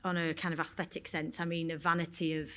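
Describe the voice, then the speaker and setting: Her voice low, her delivery flat, and her pace quick, a woman with a Yorkshire accent answers questions on a cinema event stage as a panel actor. The talk is candid, rambling, and casually sweary.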